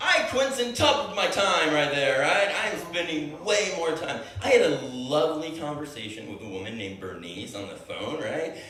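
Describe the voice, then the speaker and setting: A young man tells a comic tale, acting out every exchange with laughter breaking through. His voice is bright and swings wildly in pitch. He sounds a little distant, with heavy echo around him. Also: normal speed, hardly any pauses. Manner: animated, acts out every line of dialogue, laughs often. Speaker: storyteller. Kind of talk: comedic storytelling to an audience. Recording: echoey room, voice from a distance.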